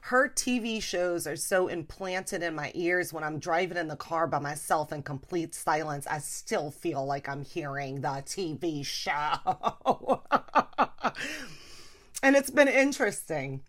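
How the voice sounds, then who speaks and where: Woman, comedic podcast rant, animated, lively pitch jumps. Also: takes it slowly. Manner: animated, mimics her mother in a high voice. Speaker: podcast host.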